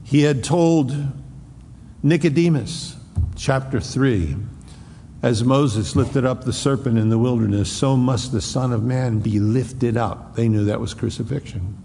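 Slow, gravelly-voiced male preacher. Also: big-room sound, a little hiss or hum. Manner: acts out the dialogue between Pilate and Jesus in a raised voice; drops to a low hushed tone on solemn lines. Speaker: pastor. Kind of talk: expository sermon.

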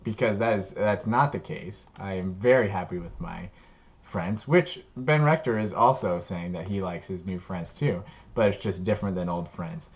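A man's voice: deep voice, moderate pace. A man on a podcast chatting casually and enthusiastically about music he likes, rambling and laughing as he talks. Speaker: podcast co-host giving a music recommendation. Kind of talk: casual chat.

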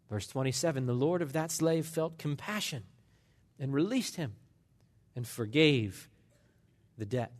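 A man preaching a sermon as a pastor, emphatic and impassioned, with dramatic pauses. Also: fairly high pitch, big-room sound. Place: large church sanctuary.

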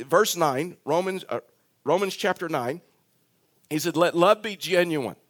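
A male pastor giving a conversational sermon in an earnest tone, reading scripture aloud. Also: a little high.

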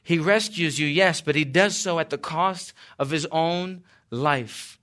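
A man preaching a sermon as pastor, slow and emphatic with dramatic pauses and light asides. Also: on the high side, fairly bright tone.

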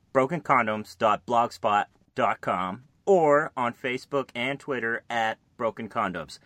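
A man with a bright, forward voice hosts a loose podcast, teasing and cracking crude jokes. His voice sits close and dry, with no room sound around it. He keeps the chat casual and playful throughout. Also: mid-range voice, no room sound. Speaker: podcast co-host. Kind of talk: casual beer-drinking podcast banter.

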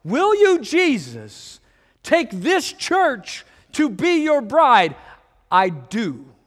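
A man preaching a sermon, acting out back-and-forth dialogue with lively swings in pitch and loudness. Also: big-room sound. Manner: animated, acts out dialogue with shifts in pitch and loudness. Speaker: pastor.

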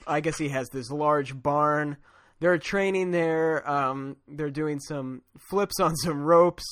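Male podcast co-host, somewhat high-pitched, relaxed storyteller who chuckles as he retells the plot. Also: takes it slowly, dry recording, clean studio sound. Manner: chatty, laughs often, acts out quotes loosely. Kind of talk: casual chat recapping a comic story.

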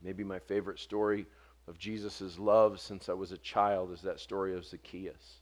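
Male preacher, sermon, earnest, swells loud then goes quiet, lowish voice. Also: flat delivery, normal speed. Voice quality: short stature mentioned, not vocal. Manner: earnest, rising to forceful emphasis then dropping soft for quotes.

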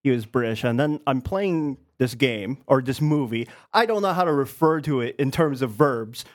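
A man co-hosting a podcast in casual chat, explaining things haltingly and restarting as he searches for words. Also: mid-range voice, animated. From United States. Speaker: podcast co-host.

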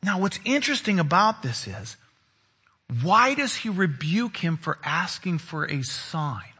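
Male pastor, sermon, emphatic teaching, husky slightly high voice. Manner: expressive, emphatic Bible teaching with dramatic pauses.

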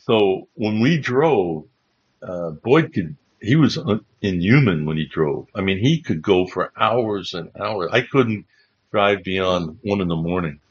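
A man hosting a Bible livestream as a chaplain, telling rambling stories with many restarts. His voice sits low and comes out husky. The audio is dull and lo-fi. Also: expressive, a little slow. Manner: rambling, restarts, chuckling as he recalls. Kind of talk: casual anecdotal storytelling.

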